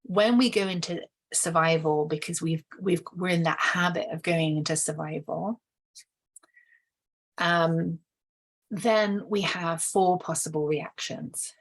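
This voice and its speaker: A woman's voice: low-pitched, fairly even intonation, unhurried. A woman explaining relationship conflict in a casual, thoughtful way, often restarting and briefly acting out what people say. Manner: thoughtful, acts out quoted voices, many restarts. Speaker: relationship educator.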